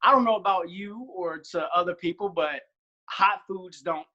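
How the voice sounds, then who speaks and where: Young dude guest, bright voice, animated storytelling, casual chat. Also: male voice, high-pitched, normal speed, highs cut off. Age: 20s. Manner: animated storyteller, acts out his own quotes.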